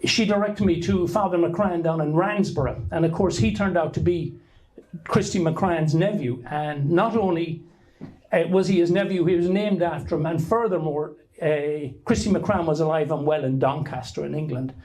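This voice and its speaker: A man's voice: a little high, moderate pace, a little mellow, low-quality recording. An Irish man telling a rambling story to a live audience, with frequent restarts and fillers. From Ireland. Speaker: speaker giving a talk to an audience.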